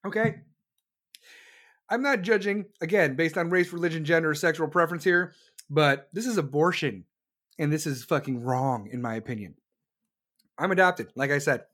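This is a combative livestream host ranting through political commentary, cursing freely and talking fast in bursts. Opponents get mocked in sarcastic put-on voices before the host snaps back to a blunt, scornful delivery. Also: mid-range voice, a bit bright. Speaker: livestream host taking callers.

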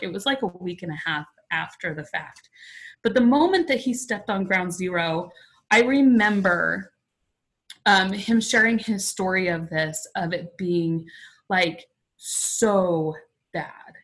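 A woman's voice: fairly low pitch, fairly bright tone. A woman in her forties, a podcast guest, telling a personal story in an earnest, chatty way, full of "like" fillers.

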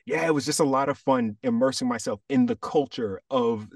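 A man from Jamaica, an actor guest chatting casually on a podcast, telling stories in a relaxed way with animated asides. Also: medium pitch, brisk, no room sound, studio quality, far from the mic.

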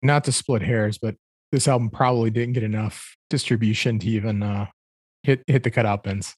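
A man's voice: lowish voice, fairly even intonation, moderate pace, a little mellow, husky, dry recording, studio quality. A man co-hosting a music podcast, talking casually and rambling as he searches for words, with many ums and likes. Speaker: podcast co-host. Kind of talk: casual chat about music.

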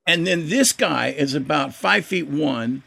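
An older man with a gravelly voice, telling a story as a guest musician in a casual interview and acting out the voices of the people in it. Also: fairly high pitch, a little slow. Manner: animated, acts out quoted voices.

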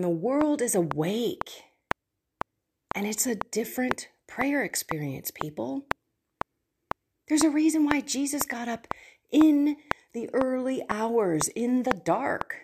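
A middle-aged woman hosting a faith podcast, talking earnestly about her prayer life with personal stories and soft asides. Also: fairly high pitch, lively intonation, slow pace, noisy background. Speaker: Catholic podcast host. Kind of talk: reflective faith talk.

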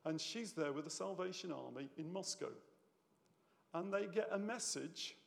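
Male preacher, conversational sermon, gravelly voice, long church reverb. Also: high voice, animated, normal speed. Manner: conversational, tag questions, gets emotional. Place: church hall.

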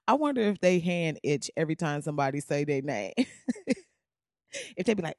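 Podcast host ranting, cussing a lot, sarcastic, mid-pitched voice, dry close sound. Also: lively intonation, measured pace, pauses often, darkish tone, no echo. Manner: blunt, profane, ranting; sarcastic, laughs at own jokes. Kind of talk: casual opinion commentary.

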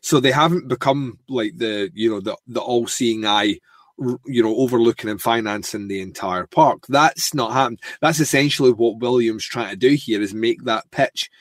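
A man's voice: mid-range voice, normal speed, no echo. A man chats casually as co-host of a TV recap podcast, swearing and joking. He talks in loose, filler-heavy runs. His voice sounds dry and close to the mic. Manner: crude, joking, full of fillers. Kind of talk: casual chat, recapping a TV show.

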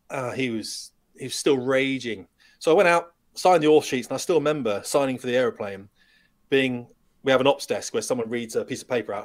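A middle-aged man, a retired pilot, telling lively anecdotes as a podcast guest and acting out the dialogue. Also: mid-range voice, quick pace. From United Kingdom. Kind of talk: storytelling in a podcast interview.

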